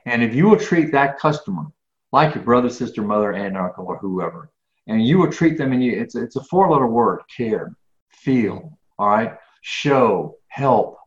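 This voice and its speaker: A man's voice: medium pitch, normal speed. A middle-aged man answering interview questions in an earnest, rambling way, often repeating his words. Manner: earnest, rambling, repeats words, grows animated when ranting. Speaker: guest, business speaker. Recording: roomy, dull lo-fi sound.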